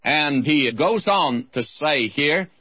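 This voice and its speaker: Older-sounding preacher guy, husky voice, dry dull lo-fi radio sound. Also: a little high, animated, slow, no room sound. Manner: earnest, direct address to listeners. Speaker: Bible teacher. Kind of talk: radio Bible teaching sermon.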